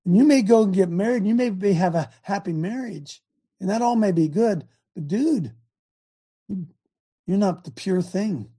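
A man's voice: high-pitched, animated, moderate pace, dark tone, husky. An older man hosting a Christian talk show, preachy and emphatic, often repeating words and restarting sentences. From United States.

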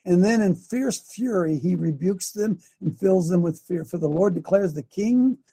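A man's voice: high voice, expressive, normal speed, slightly rough. A man preaching a fiery sermon, emphatic and sarcastic, reading scripture and calling out to the tech crew. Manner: shouting, emphatic, sarcastic asides. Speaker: pastor.

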